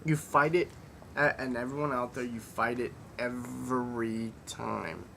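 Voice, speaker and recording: A man hosting a casual podcast chat, telling stories in a blunt, profane, animated way. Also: unhurried, creaky. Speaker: podcast host. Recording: faint rumble and background noise.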